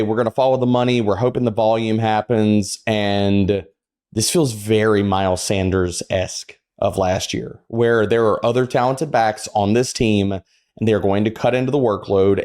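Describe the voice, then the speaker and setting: A man talking as a podcast panelist, making forceful points and acting out other people's reactions. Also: mid-range voice. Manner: emphatic, argumentative, acts out quotes. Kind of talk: casual podcast chat.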